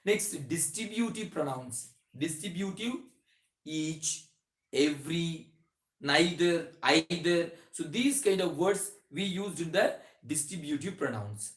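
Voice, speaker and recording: A man's voice: fairly high pitch, expressive, fairly bright tone. A man teaching a grammar lesson, starting many sentences with "so", restarting phrases and drawing out his example words. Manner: explains slowly with many "so" openers and restarts, stretches example words. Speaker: English teacher. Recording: echoey room.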